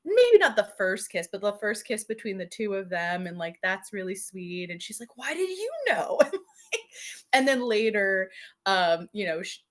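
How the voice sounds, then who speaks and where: A woman's voice: mid-range voice, lively intonation, normal speed. Chatty young woman talking books. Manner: chatty, many fillers and restarts, laughs often. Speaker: podcast co-host. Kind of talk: casual book discussion.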